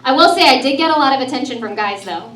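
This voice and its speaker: A woman's voice: high voice, lively intonation, quick pace, fairly bright tone, slight background noise. A woman in her thirties doing a breezy, self-mocking stand-up comedy set, peppering her lines with "dude" and "man.". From United States. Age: 30s. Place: comedy club stage. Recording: echoey club from a distance, crowd audible.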